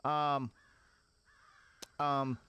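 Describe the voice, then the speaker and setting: A man's voice: medium pitch, level tone, drawn-out words, bright, forceful tone, clear, resonant tone, dull audio. A man, a gaming streamer, doing comic role-play as a dad, talking in a mock-parental, scolding, sing-song way.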